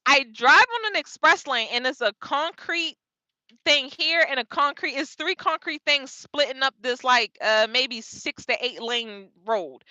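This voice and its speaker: Casting: young woman vlogger, high bright voice, lively storytelling, dry close mic. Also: a little slow, dry recording, low-quality recording. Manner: animated, laughing, dramatic retelling. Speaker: vlogger, truck driver. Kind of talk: casual storytelling vlog.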